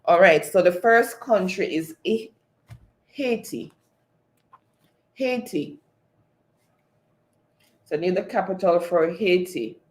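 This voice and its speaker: A man's voice: high-pitched, normal speed, few pauses. A man with a Jamaican accent hosting a livestream quiz, reading chat aloud and laughing often.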